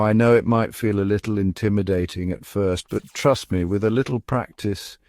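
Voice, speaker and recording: A man giving scripted, upbeat narration as a pronunciation guide, coaxing the listener and slowing down to spell out each word. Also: fairly low pitch, darkish tone, smooth, dry recording, clean studio sound.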